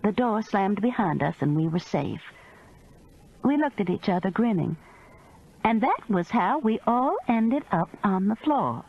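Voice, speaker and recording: A woman reading a cozy mystery audiobook in expressive first-person narration. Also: mid-range voice, a little slow, vocal fry, dull audio, a little hiss or hum. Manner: expressive storytelling.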